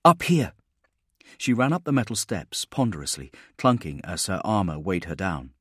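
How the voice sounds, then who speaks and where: A man giving steady, measured scripted narration of an audiobook. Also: low voice, husky, no echo, clean studio sound.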